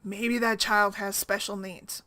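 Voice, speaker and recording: A woman's voice: mid-range voice, little pitch movement, a little slow, pushed and bright. A woman talking casually to camera as a single-mom blogger, rambling and conversational, often tagging on "right?".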